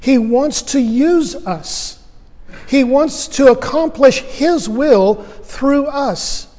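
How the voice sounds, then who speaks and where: A man's voice: extremely high pitch, animated, very slow, a little mellow, long reverb tail. A man preaching a sermon as pastor, earnest and emphatic, asking rhetorical questions.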